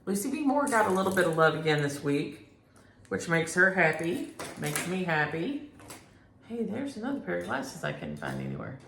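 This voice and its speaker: Middle-aged woman vlogging her stitching at home, low and gravelly, rambling and chatty, echoey room. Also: wildly swooping pitch, moderate pace, fairly bright tone, slight background noise. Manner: rambling, chatty, talks to her cats between thoughts. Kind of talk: casual chat.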